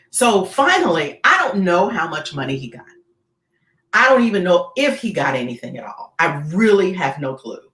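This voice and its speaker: A woman who is a guest keynote speaker, telling a dramatic story in an interview and often checking in with "right?". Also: fairly low pitch. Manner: animated, keeps checking in with "right?". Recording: roomy echo.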